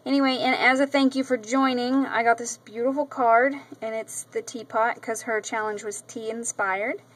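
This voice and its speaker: Woman crafting vlogger, slightly high voice, chatty and effusive, loose casual delivery into the camera. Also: fairly even intonation, normal speed, low-quality recording. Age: adult with a daughter. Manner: chatty, gushing, with many ums and repeats. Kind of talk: casual show-and-tell vlog. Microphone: camera mic.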